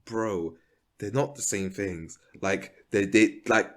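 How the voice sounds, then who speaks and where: A man's voice: on the low side, slow. A man co-hosting a podcast, chatting casually with laughing disbelief. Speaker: podcast co-host. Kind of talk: casual chat.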